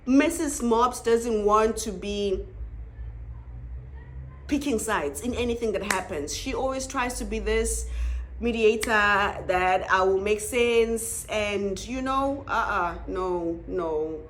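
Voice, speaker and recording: A South African woman reviewing a reality show in a casual, animated way, laughing and exclaiming often. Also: fairly high pitch, slight background noise.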